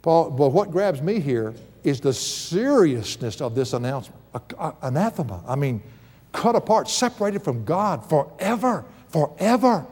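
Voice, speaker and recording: Middle-aged male pastor, sermon delivery, emphatic with folksy humorous asides, a touch high-voiced, church hall reverb. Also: dark tone, husky. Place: church sanctuary.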